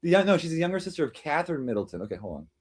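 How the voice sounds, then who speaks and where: A man's voice: a little high, sing-song, very fast, breathy edge. A man hosting a live stream, chatting casually with viewers and reading their comments, rambling and teasing as he jumps from joke to joke. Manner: rambling, teasing, jumps between jokes and chat replies.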